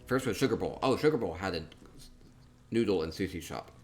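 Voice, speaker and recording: A man chatting casually through a tour of a game, upbeat and quick to repeat himself, with soft laughs between remarks. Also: deep voice, expressive. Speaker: gaming streamer touring player-built homes. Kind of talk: casual gameplay commentary.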